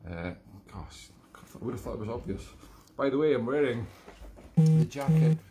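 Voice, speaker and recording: A man's voice: medium pitch, animated, moderate pace, mellow, slight background noise. A middle-aged man hosting a home live stream, rambling and self-mocking as he reads viewer comments aloud. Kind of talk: casual live-stream chat. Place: home room.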